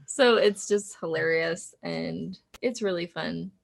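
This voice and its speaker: A woman's voice: on the low side, slow, vocal fry. A woman court reporter chatting casually, giggling often and retelling stories with animation. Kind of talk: casual chat.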